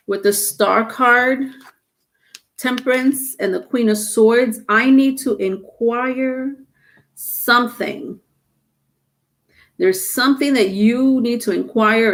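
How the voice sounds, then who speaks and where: A woman giving a live-streamed tarot reading, rambling with many fillers and restarts. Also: a little high. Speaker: tarot reader.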